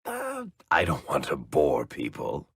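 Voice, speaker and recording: A man's voice: very deep voice, huge pitch swings, slow pace, a bit bright, slightly rough, no room sound, studio quality, exaggerated voice. An actor playing a wry, teasing middle-aged male dwarf storyteller in sarcastic video game companion banter.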